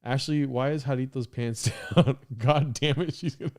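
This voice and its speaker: A man hosting a podcast, reacting to stream clips in casual, excitable, profane talk, laughing often. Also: medium pitch, normal speed, few pauses.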